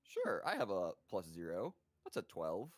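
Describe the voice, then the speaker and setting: Low-voiced joking man player. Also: wildly swooping pitch, normal speed, no room sound, studio quality. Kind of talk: casual tabletop role-play.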